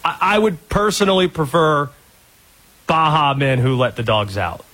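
Animated, husky-voiced male radio host. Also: a little high, normal speed. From North Carolina. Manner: sarcastic, animated storyteller. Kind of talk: sports talk radio.

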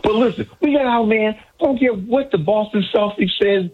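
A man calling in to a sports radio show, excited, boastful and repeating himself. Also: high voice, normal speed, husky. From United States. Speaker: caller. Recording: muffled phone line.

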